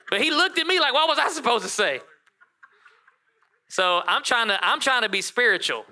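A male pastor preaching a sermon, telling a story with animated joking asides to his congregation. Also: sits high, normal speed, pauses often, slight background noise.

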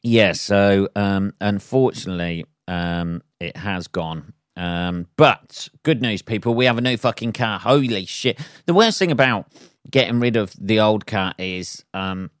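Sweary comedian, smooth low voice. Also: male voice, measured pace, no echo, clean studio sound. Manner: sweary, rambling, laughs at own jokes. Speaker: podcast host and stand-up comedian. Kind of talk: casual solo podcast rant.

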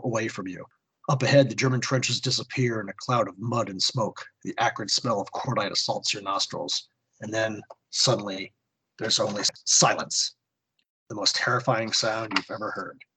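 A man's voice: on the low side, sharp tone, breathy edge, rough recording. A man hosting a podcast, reading a war comic with theatrical narration and then giving a history segment. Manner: theatrical narration in second person. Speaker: podcast host.

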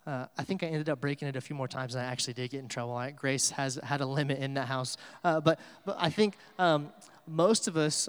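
A man's voice: on the high side, clear, resonant tone, big-room sound. A man preaching a sermon in a church, telling stories in a loose conversational way with many fillers. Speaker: pastor.

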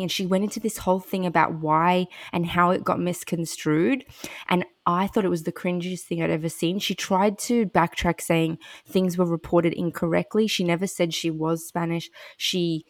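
Gossiping woman with a gravelly voice. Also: fairly low pitch, fairly even intonation, moderate pace, no room sound, studio quality. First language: Russian. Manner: chatty gossiping, frequent "like" fillers. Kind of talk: casual podcast chat.

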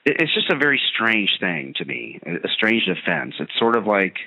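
A man's voice: lowish voice, big pitch swings, normal speed, gravelly, pushed and bright. A man hosting a radio talk show, telling a story in a sarcastic, ranting comedic monologue. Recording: tinny phone-like radio line.

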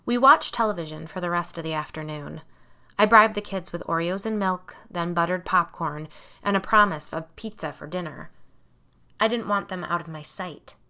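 A woman narrates a first-person audiobook in a measured, intimate way. Her voice sits a bit low yet comes across bright and forceful.

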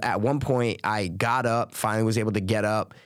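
A man tells a long story to his co-host in loose, swearing podcast chat. He quotes the people in it in put-on voices. His voice sits low, and the recording is dry and close. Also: brisk, dry recording. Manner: profane, animated retelling with quoted voices. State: recovering from illness.

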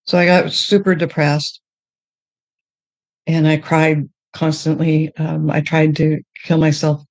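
A woman telling her faith testimony in a podcast conversation, earnest and emotional, often halting and restarting. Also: sits low, flat delivery, darkish tone, dry recording. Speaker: guest sharing her testimony.

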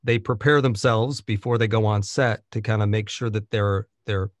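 Low-voiced male audiobook narrator. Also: fairly even intonation, moderate pace, no room sound, clean studio sound. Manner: thoughtful, many restarts and fillers. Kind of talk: conversational interview.

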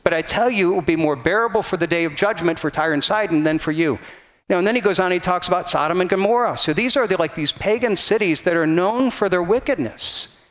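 Man, pastor, sermon, conversational teaching, fairly high voice. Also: fast, fairly bright tone. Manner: conversational teaching, frequent restarts, quoting scripture.

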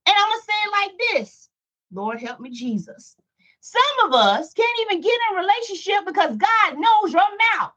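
A woman's voice: extremely high pitch, sing-song, moderate pace, fairly bright tone. A middle-aged woman preaching a Bible study, emphatic and repetitive, full of rhetorical questions. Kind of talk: preaching to listeners. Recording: dull lo-fi recording.

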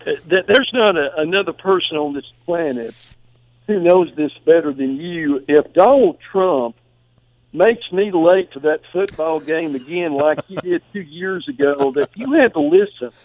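Male phone-in football analyst, emphatic and stammering, higher voice, tinny phone line. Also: lively intonation, a little slow. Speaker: college football guest analyst. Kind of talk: phoned-in sports radio talk.

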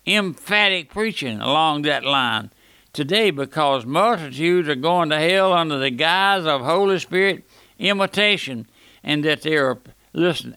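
A man's voice: a little high, gravelly, sharp tone, no echo. A man preaching an emphatic, fiery radio sermon with folksy asides.

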